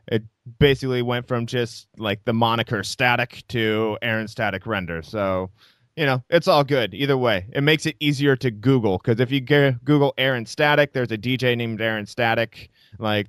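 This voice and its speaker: A man's voice: mid-range voice, a bit bright, smooth, dry recording, clean studio sound. A man hosting a podcast, chatting in an easygoing, friendly way and wrapping up the episode. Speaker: podcast host. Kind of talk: casual podcast interview.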